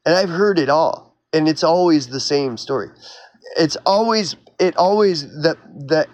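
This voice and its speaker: A man's voice: mid-range voice, no echo. A man from Oklahoma, a YouTuber, delivering a heated, sarcastic vlog rant in a mocking, exasperated manner. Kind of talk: ranting vlog monologue.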